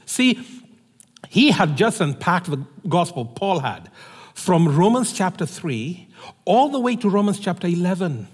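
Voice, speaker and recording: A man's voice: high voice, a little slow, breathy edge, long reverb tail. A man preaching a sermon, telling stories with acted-out dialogue. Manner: animated storytelling, acts out dialogue.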